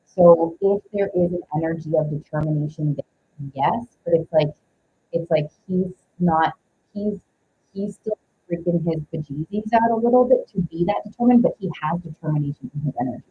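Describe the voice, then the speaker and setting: A woman with a low, deep-set voice gives a tarot reading on a live stream. She rambles, leans heavily on "like," and breaks off to greet viewers. The audio is dull and lo-fi, with a faint hiss underneath. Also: animated, normal speed. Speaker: tarot reader.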